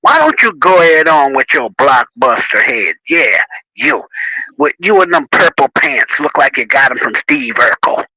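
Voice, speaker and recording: A man's voice: medium pitch, very animated, moderate pace, bright, forceful tone, no echo, heavily acted, poor audio. A man voicing a mocking male bully who hurls taunting insults. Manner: taunting, jeering.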